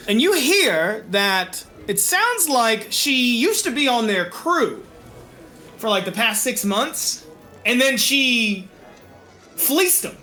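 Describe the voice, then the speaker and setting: A man narrating a tabletop game as game master, playful and animated. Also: sits high, takes it slowly, faint music behind.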